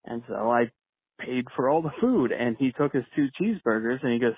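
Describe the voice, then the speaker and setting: Male caller, storyteller with a chuckle, husky voice, phone-quality audio. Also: mid-range voice, animated, brisk, no room sound. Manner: chatty storyteller, chuckles while telling. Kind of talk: phoned-in anecdote. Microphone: phone voice message. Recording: dry tinny phone line.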